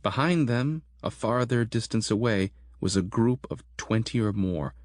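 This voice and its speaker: A man narrating a horror audiobook in a steady, measured storytelling manner. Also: fairly low pitch, dry recording, studio quality.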